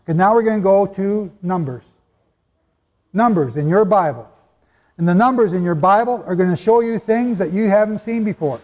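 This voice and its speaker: A man preaching a sermon in a hall with an audience, animated and conversational, with asides to his listeners. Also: sits high, normal speed. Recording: long hall reverb.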